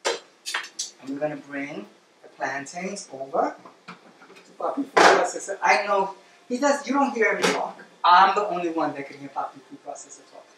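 A woman's voice: lowish voice, expressive, normal speed, echoey room. Flamboyant woman cooking host, chatty; distant mic, noisy background. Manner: chatty, flamboyant, talks to viewers. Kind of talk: cooking demonstration. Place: home kitchen.

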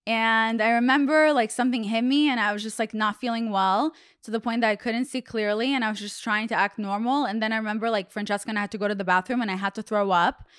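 A woman's voice: a little high, fairly even intonation, fast, few pauses, a bit bright, smooth, no echo, studio quality. A young woman hosting a podcast, telling a long rambling story in casual chat, full of "like" fillers. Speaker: podcast host.

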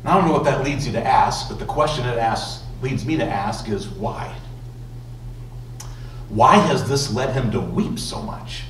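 A male pastor preaching a sermon slowly and emphatically, with dramatic pauses. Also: mid-range voice, a little hiss or hum. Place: church sanctuary. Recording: roomy church echo from far off.

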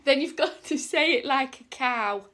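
A woman's voice: high-pitched, moderate pace, fairly bright tone. A woman in a home video, giving playful instructions with amusement.

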